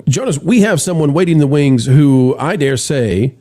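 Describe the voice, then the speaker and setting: A man's voice: a little high, animated, moderate pace, mellow. A man hosting a casual live-stream chat, playful and theatrical as he introduces guests. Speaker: host.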